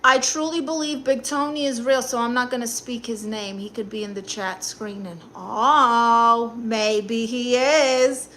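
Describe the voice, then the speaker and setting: A woman's voice: on the high side, fairly even intonation, moderate pace, hardly any pauses, a bit bright, slight background noise. A woman with a Brooklyn accent hosting a casual live stream as a comedic aunt, chatting sassily and answering the chat while she eats. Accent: New York, Brooklyn.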